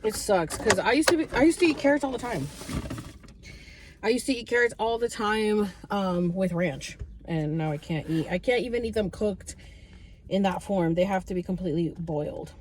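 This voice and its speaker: A woman's voice: normal speed, a little hiss or hum. Bubbly woman vlogging from her car. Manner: chatty and bubbly, retells with excited high quotes. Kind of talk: casual vlog chat to camera. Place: parked car on a road trip.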